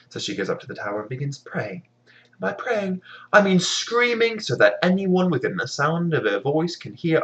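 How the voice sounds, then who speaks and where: Comic fairy tale narrator, sarcastic, deadpan asides, lively pitch, mid voice. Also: normal speed, lo-fi sound. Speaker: storyteller.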